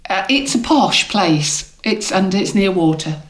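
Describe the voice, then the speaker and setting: A woman's voice: mid-range voice, animated, measured pace, reverberant. A woman co-hosting a gardening podcast, chatting playfully and rambling, with frequent giggles. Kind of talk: casual chat with gardening advice.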